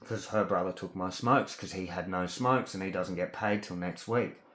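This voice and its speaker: An Australian man in a rambling, agitated personal rant, full of swearing, with halting speech that gets stuck on words. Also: low voice, fairly bright tone, echoey room. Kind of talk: ranting personal monologue.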